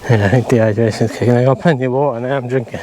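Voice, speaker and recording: A man's voice: mid-range voice, steady tone, very fast. A Welsh man giving casual, self-mocking commentary while hiking outdoors, hot and weary from the heat. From Wales. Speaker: walking vlogger. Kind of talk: casual walking commentary to camera. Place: outdoors in rural fields and paths. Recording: outdoor ambience noise behind the voice.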